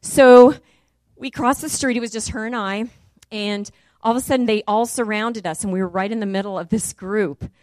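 A woman's voice: moderate pace, no room sound, clean studio sound. Middle-aged woman preaching with rising fervor. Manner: animated, rising loud and high in the story. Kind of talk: sermon with testimony.

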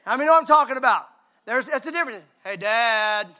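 A male pastor preaching a sermon. He swings from hushed, intimate lines to loud, shouted emphasis. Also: very high-pitched, expressive, quick pace.

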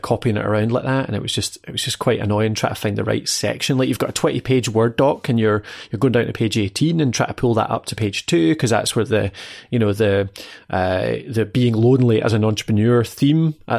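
A man's voice: fairly low pitch, vocal fry. A Scottish man in his thirties co-hosting a podcast, chatting casually and often checking in with tag questions. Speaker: podcast co-host. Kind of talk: casual chat.

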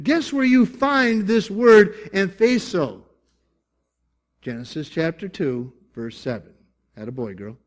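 A man preaching a sermon to his congregation, animated, with emphatic bursts and jokey asides. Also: high voice. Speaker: pastor.

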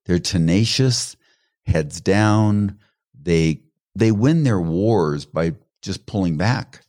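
A man's voice: low-pitched, slow. A middle-aged man explaining personality types in casual conversation, telling stories and acting out the voices of the people he quotes. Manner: animated storyteller, acts out quoted voices; laughs while telling stories. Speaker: guest expert on personality colors.

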